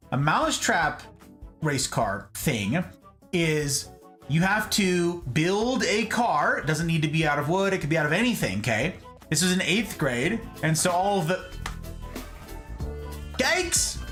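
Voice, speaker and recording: A man hosting a live stream, chatting casually and greeting his viewers in a playful, animated way. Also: a little high.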